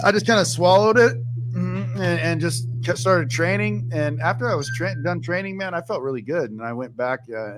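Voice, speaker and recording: A man's voice: a little high, a bit bright. A man, the show's host, talking casually and emphatically, with some rambling. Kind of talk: casual chat.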